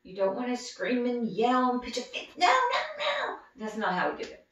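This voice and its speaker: A woman teaching children, telling a Bible story in simple, animated words. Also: a little high, fairly quick. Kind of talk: Bible story lesson for kids. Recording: echoey room, distant dull mic.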